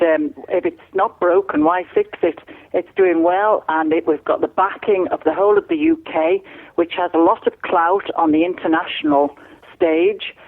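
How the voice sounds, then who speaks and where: Firm northwest English woman on a phone line. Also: fairly low pitch. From northwest England. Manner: firm, polite, set in her view. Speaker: caller.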